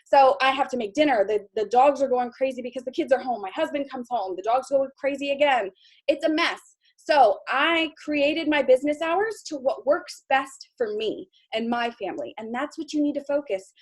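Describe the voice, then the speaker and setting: High-pitched woman running a sales training call, chatty, lots of ums and little laughs. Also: moderate pace. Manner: chatty, self-deprecating, with frequent fillers and laughs. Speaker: sales team director giving training. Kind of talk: casual training talk.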